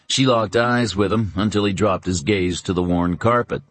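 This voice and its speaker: Male narrator, low and unhurried, lively intonation, dry booth sound. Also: dry recording, faint music behind. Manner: measured, expressive storytelling. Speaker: audiobook narrator. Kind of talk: scripted narration.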